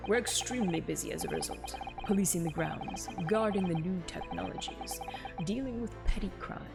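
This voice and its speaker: A woman's voice: on the low side, lively intonation, moderate pace, creaky, over music. A woman voicing a stern, imposing male chief judge in a game, serious and clipped. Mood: lecturing.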